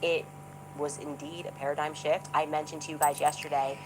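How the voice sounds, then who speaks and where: Low-voiced woman telling a story. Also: flat delivery, brisk, heavy background noise. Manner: reads quotes aloud, dramatic emphasis. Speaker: speaker in a played clip. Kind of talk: storytelling monologue.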